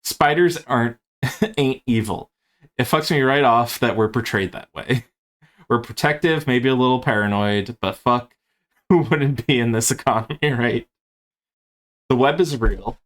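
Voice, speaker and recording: A man's voice: on the low side, normal speed, natural voice. A man voicing a brash, paranoid man cursed to be a spider, who is blunt and sweary as he taunts a captive. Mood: taunting.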